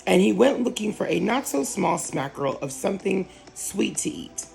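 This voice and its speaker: A channel host reading a children's storybook aloud with expressive narration. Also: mid-range voice, moderate pace, vocal fry, soft background music, poor audio. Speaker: storybook reader.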